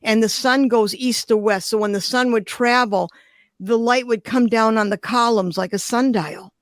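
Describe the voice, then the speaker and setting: A woman's voice: fairly high pitch, normal speed, no room sound. An older woman from Detroit, a glass artist telling vivid, emotional stories in an interview. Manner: vivid, emotional, expressive storytelling. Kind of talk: storytelling interview.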